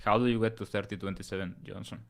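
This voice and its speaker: A man's voice: fairly low pitch, steady tone, quick pace, vocal fry. A man co-hosting a betting podcast, talking bluntly in casual chat and ranting with some swearing. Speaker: podcast co-host and bettor.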